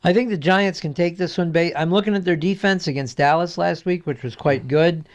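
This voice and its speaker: A man as a guest sports analyst in a casual picks chat, measured and hesitant, with many restarts. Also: a little high.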